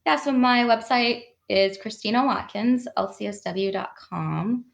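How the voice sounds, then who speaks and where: On a podcast, a woman guest talks earnestly and emotionally about her personal growth, laughing often in a reflective, conversational interview. Her voice is a little high and a little slow, with vocal fry, and the sound is lo-fi.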